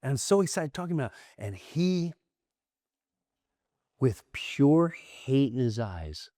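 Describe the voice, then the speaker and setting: A middle-aged American man, a comedian guest on a podcast, telling candid stories in animated bursts with restarts and acted-out voices. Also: mid-range voice, slow pace, pauses often, dry recording, studio quality. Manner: animated storyteller, acts out quoted voices, frequent restarts. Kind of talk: candid storytelling in a long-form interview.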